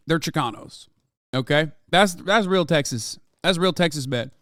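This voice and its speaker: A man's voice: fairly high pitch, expressive, measured pace, a bit bright, dry recording, studio quality. A man streaming his reaction to a video in a sarcastic, profane, mocking way. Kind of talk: casual reaction commentary.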